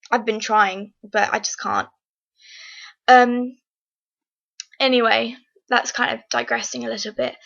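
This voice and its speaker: A woman's voice: fairly high pitch, gravelly, pushed and bright. Rambling teenage girl, lo-fi webcam. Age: teens. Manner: chatty, rambling, lots of ums and restarts. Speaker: vlogger. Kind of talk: casual vlog chat. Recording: dull lo-fi webcam sound.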